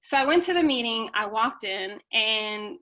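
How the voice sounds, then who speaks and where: Bright-voiced woman telling a story. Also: fairly high pitch, normal speed. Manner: animated, acts out the voices in her stories. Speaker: guest speaker sharing her story. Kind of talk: casual storytelling. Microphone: video call.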